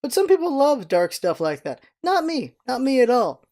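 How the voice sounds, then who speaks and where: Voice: very animated, normal speed, a little mellow. A vlogger in their thirties talking casually and at length, meandering from one thought to the next with frequent restarts. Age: 30s. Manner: chatty and meandering, with frequent restarts and jumps in pitch. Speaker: vlog host. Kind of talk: casual rambling vlog talk.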